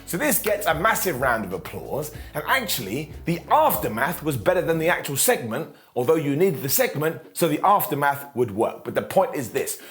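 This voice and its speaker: Animated, sarcastic man reviewing wrestling. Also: on the high side, moderate pace, few pauses, faint music behind. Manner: sarcastic, joking, quotes people in mock voices.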